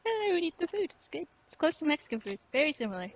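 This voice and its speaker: Higher-voiced playful woman. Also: sing-song, racing, poor audio. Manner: chatty, playful. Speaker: podcast guest. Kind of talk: casual chat.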